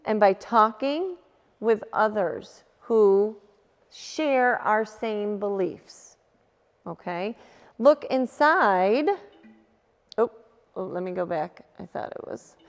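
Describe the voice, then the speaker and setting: A woman youth group leader giving a gentle, coaching talk, with frequent restarts and fillers. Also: medium pitch, slow pace, big-room sound.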